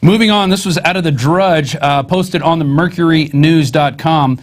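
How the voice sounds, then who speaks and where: A man's voice: a little high, moderate pace. A man hosting a news show, reading articles aloud and adding sarcastic, conversational asides.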